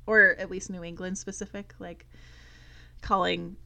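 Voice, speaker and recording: A woman in her thirties from Vermont chats in a casual, animated way, laughing often as she tells stories. Her voice sits a little low for a woman. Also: a little slow, creaky. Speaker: podcast host, parent. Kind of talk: casual chat.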